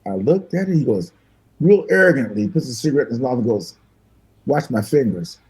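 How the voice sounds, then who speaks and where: An older man, a guest musician, telling animated, fast-paced stories in an interview and acting out the voices of the people in them. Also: medium pitch, poor audio. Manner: fast-talking, acts out voices in his stories, laughs often.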